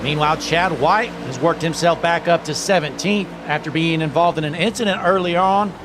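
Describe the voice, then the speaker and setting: A man calling an online sim race, giving play-by-play commentary that gets loud and excited at key moments. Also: fairly high pitch, normal speed, noisy background. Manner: excited, raising his voice at the green flag.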